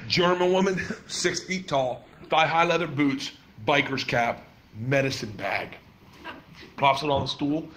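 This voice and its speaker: A man doing stand-up, telling a rambling, crude story in an animated way. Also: medium pitch, a little slow. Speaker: stand-up comedian. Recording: loud noise over live room.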